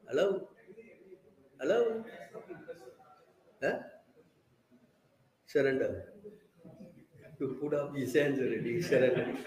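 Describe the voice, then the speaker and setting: A man's voice: medium pitch, sing-song, slow pace, pauses often, a little mellow, reverberant, low-quality recording. A man giving a scripture class, emphatic and questioning, often checking that listeners understand. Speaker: preacher.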